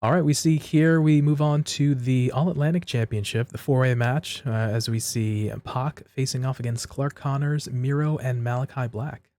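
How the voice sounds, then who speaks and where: A man's voice: medium pitch, steady tone, normal speed, hardly any pauses, mellow. A man co-hosting a wrestling podcast, recapping matches casually and steadily, step by step. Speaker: podcast co-host.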